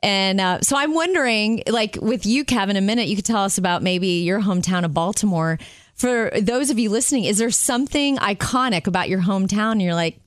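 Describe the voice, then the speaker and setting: An upbeat woman co-hosts a radio show and tells stories in a chatty way. Her voice sits at a middling pitch. The studio sound is dry and close. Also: expressive, brisk, dry recording. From Florida, US. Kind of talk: casual radio show chat.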